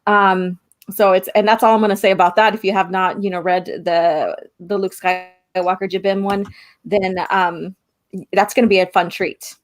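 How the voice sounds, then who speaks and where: A chatty woman hosts a casual morning stream. She talks in an easy, rambling way, full of fillers, and breaks into laughter often. Her pitch sits in a typical middle range for a woman. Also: steady tone, moderate pace. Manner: chatty, laughs often, reads viewer comments. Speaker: host. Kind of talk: casual chat.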